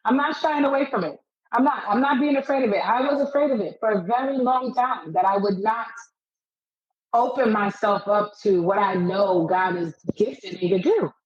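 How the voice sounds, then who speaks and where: A woman guest on a podcast giving a faith testimony in casual chat, preaching and telling stories with animated delivery. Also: medium pitch, normal speed, highs cut off.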